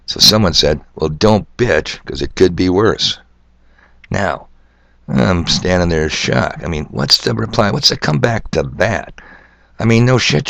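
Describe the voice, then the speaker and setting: A man's voice: low-pitched, gravelly, fairly bright tone, dry recording. An older man hosting a solo podcast monologue, rambling and sardonic, asking rhetorical questions and spelling words out letter by letter. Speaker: podcast host.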